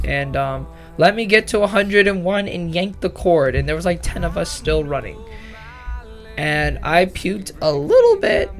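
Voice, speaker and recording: A man's voice: on the high side, a bit bright. A young man casually telling a rambling story about his school year, often correcting himself and swearing. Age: young adult. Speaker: vlogger.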